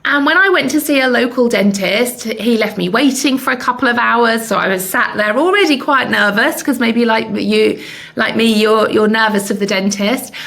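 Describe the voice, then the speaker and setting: Gravelly woman in her fifties. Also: a little high, moderate pace, fairly bright tone. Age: 50s. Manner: candid, self-mocking humor. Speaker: podcast host. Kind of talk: personal storytelling monologue.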